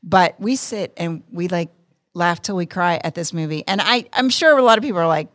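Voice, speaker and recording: A woman's voice: on the low side, normal speed, fairly bright tone, no echo, studio quality. A woman co-hosting a podcast in casual chat, easygoing, often searching for words and laughing. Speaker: podcast co-host.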